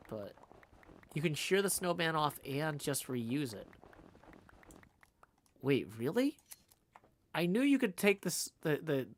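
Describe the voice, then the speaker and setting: A man's voice: fairly high pitch, a bit bright. A man streaming live, chatting casually and thinking aloud as he plays, often correcting himself mid-sentence. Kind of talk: casual livestream chat while playing a game.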